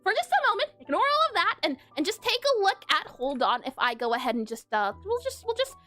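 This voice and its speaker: A woman game developer narrating a casual coding devlog, chatty and giggly, often correcting herself and spelling words out loud. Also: extremely high pitch, big pitch swings, fairly quick.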